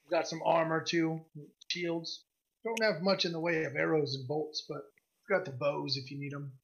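A man voicing a gruff, blunt woman in her mid-thirties who trades weapons, in a gravelly voice. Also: fairly high pitch, fairly even intonation, moderate pace, a bit bright, a little hiss or hum. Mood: casual. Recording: dull lo-fi recording.

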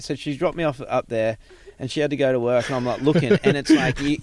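Animated Australian man in his thirties. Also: medium pitch, fast talker. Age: 30s. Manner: animated, swears freely, acts out quoted voices. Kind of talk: casual storytelling chat.

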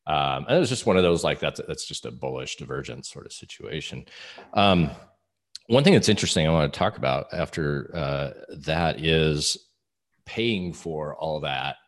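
A man hosting a podcast interview, chatting casually with halting delivery and lots of ums. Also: rumbling low, animated. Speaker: podcast host.

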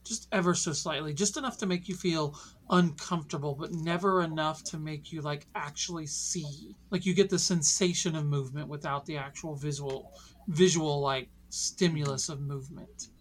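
A woman's voice: low-pitched, fairly even intonation, moderate pace. Woman narrating an eerie game. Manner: descriptive, eerie, with fillers. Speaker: game master.

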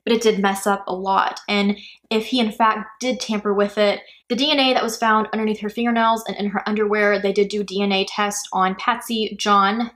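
A woman's voice: medium pitch, flat delivery, a little fast, fairly bright tone. A woman hosting a true crime podcast, going through a case in a chatty, speculative way with lots of "like" and "you know.". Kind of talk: casual true crime narration. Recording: faulty mic audio.

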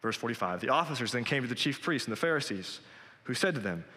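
A man preaches with a bright, forceful voice that carries a long hall reverb. His delivery is earnest and conversational, climbing to emphatic peaks. He speaks from a church sanctuary. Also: medium pitch, lively intonation, fast. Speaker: pastor. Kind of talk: sermon.

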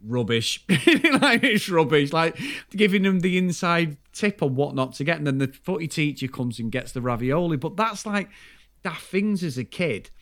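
A man co-hosting a podcast, chatting about an old film in an animated way, swearing freely and telling stories from his school days. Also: on the high side, moderate pace. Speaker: podcast co-host. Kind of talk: casual film review chat.

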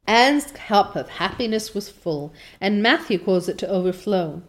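A woman's voice: medium pitch, animated, a little slow, hardly any pauses. A woman host who reads a novel aloud and chats about it in a casual, rambling way. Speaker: reader and podcast host.

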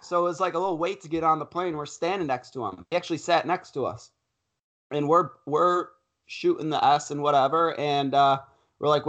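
Animated young man telling a story. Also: on the high side. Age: young adult. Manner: animated storyteller, acts out quotes. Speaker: podcast co-host. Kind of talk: casual storytelling chat.

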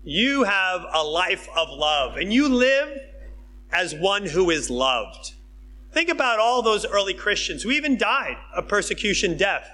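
Male pastor, fairly high, bright voice, lively emphatic sermon delivery, faint noise behind. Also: a little slow. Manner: emphatic, conversational preaching that swings between hushed and excited.

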